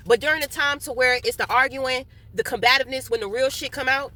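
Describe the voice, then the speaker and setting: A woman's voice: sits high, quick pace, bright, forceful tone. A young woman talking candidly in a casual monologue. She swears freely, laughs often, and talks while eating. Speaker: vlogger.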